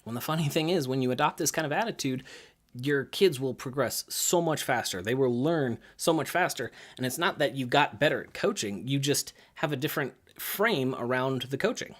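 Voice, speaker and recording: A young adult man, a gymnastics coach, talking casually to the camera about coaching. He is lively, uses many fillers, and acts out kids' lines in higher voices. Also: normal speed.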